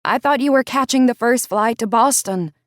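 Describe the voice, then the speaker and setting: A woman voicing a warm, teasing young woman who talks brightly and calls out across a distance. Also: fairly high pitch, normal speed, no room sound, studio quality, pitched above the performer's own voice, lightly acted. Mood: lively. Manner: bright and lively, calling out.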